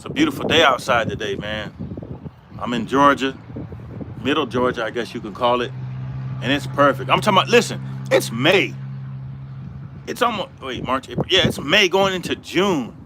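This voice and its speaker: A man's voice: medium pitch, lively intonation, normal speed, pauses often, background noise. A middle-aged man hosting a casual livestream, rambling and repeating himself as he greets viewers in the chat, speaking from outdoors in middle Georgia. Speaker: livestream host.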